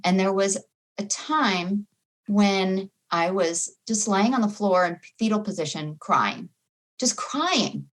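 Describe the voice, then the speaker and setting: A woman's voice: medium pitch, steady tone, slow pace. A middle-aged woman recounting a painful loss as a podcast guest, speaking in an emotional, reflective way. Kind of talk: personal testimony in a podcast interview.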